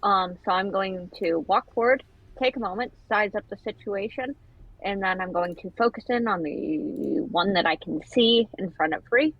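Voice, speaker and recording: A woman's voice: medium pitch, normal speed, no echo. A woman playing a tabletop game, chatty and a little hesitant as she describes her moves. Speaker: player. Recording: dry, dull lo-fi mic.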